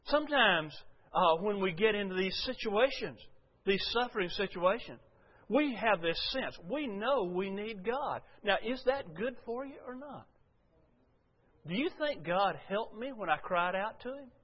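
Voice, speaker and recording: An older man preaching a sermon as pastor, telling folksy stories and swinging from loud to quiet. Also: high voice, lively intonation, measured pace. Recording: dull lo-fi sound.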